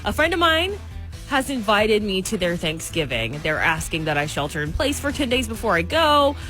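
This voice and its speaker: A woman's voice: mid-range voice, big pitch swings, normal speed, pushed and bright, soft background music. A woman from the American South hosting morning radio, chatting and giggling as she asks listeners for advice. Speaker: radio morning show co-host. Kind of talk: casual radio chat. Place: radio studio.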